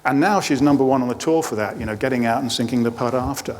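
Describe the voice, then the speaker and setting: Man, middle-aged, mid-pitched coach telling anecdotes to a crowd, voice ringing through a reverberant hall. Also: fast talker, darkish tone, slight background noise. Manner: anecdotal storytelling with light humor. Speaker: performance coach giving a talk. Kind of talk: presentation to a live audience. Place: lecture hall.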